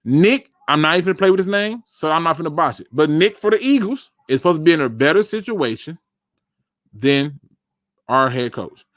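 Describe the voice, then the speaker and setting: A man hosting a casual sports fan show, talking straight to viewers with emphatic, animated commentary. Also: fairly high pitch, a little fast, dry recording, clean studio sound. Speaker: sports podcast host.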